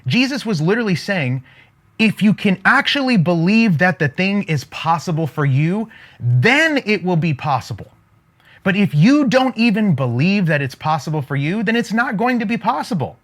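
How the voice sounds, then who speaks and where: A man's voice: high voice, sing-song, moderate pace. A man giving an emphatic, repetitive motivational lesson on making money, in the manner of a preacher. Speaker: online business coach.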